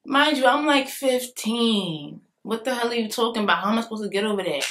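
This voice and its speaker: A young adult woman talking in a casual storytime vlog, dramatic and animated, laughing things off and acting out what people said. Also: on the high side, brisk. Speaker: vlogger.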